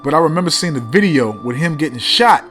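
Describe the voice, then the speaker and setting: Blunt profane preacher, faint music. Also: male voice, fairly high pitch, expressive, fast talker, a bit bright. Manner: blunt and profane, repeats "man" often. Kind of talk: street sermon, reading scripture.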